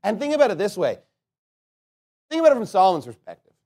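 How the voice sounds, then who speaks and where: A male pastor delivering a sermon in a fairly high, animated voice. He alternates between steady scripture reading and lively, questioning commentary, often laughing at his own asides. His delivery is direct and conversational. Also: fast.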